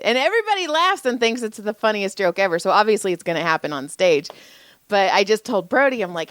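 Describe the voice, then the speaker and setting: A woman in her forties co-hosting a podcast, telling stories in casual chat, animated and swearing freely. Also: moderate pace, no echo. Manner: animated, swears freely, jumps pitch up for quoted voices. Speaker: podcast co-host.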